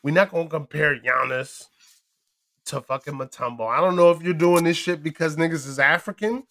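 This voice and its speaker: A man hosting a casual chat with a friend, talking loud, profane and animated, often laughing. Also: a little high, brisk. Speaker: podcast host.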